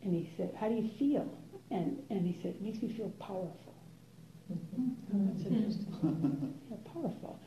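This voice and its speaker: An older woman, a meditation teacher, giving an unhurried, musing dharma talk to a class, with soft laughs and pauses. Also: mid-range voice, a little hiss or hum. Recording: roomy, dull lo-fi room recording.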